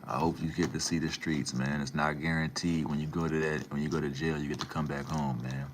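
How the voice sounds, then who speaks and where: A man's voice: rumbling low, little pitch movement, brisk, slight background noise. A man casually reading and answering his live chat, laid-back and slangy, calling viewers man and bro.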